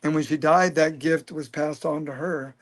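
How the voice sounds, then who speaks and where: Man, fifties, interview guest, earnest storyteller, a bit high-pitched. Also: fairly even intonation, moderate pace. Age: 50s. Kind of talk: personal storytelling in a podcast interview.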